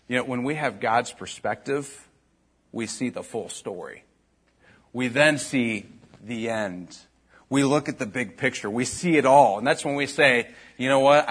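Husky-voiced man preaching. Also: medium pitch, fairly bright tone. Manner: conversational preaching, rising to emphatic bursts. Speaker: pastor. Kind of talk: sermon.

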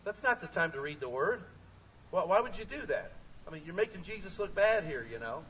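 High-voiced, bright preaching man heard from afar. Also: fairly quick, distant mic, slight background noise, low-quality recording. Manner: energetic, storytelling, rising to shouts. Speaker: pastor. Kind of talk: sermon.

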